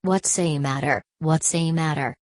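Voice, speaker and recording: A woman's voice: sits low, unhurried, no room sound, studio quality. Woman reading as a snappish little old boss. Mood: snapping. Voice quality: sharp, snappish. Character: stout little old male factory owner, bossy.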